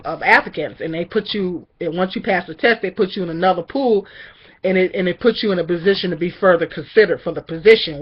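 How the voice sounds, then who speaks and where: Middle-aged guy venting to camera, kinda high voice, stammers and repeats a lot, tired and down, dull muffled audio. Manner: halting, repeats words, weary and discouraged. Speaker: vlogger. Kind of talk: personal venting monologue.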